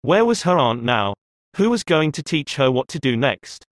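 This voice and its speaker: The clip features a man telling an audiobook story with measured expressiveness. His voice is mid-range, and the recording is dry, with clean studio sound.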